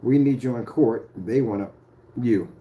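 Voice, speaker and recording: A man's voice: medium pitch, unhurried, dark tone, slight background noise. A man speaking straight to the camera, confrontational and rambling as he warns a rival. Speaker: YouTuber addressing a rival. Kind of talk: direct-to-camera rant.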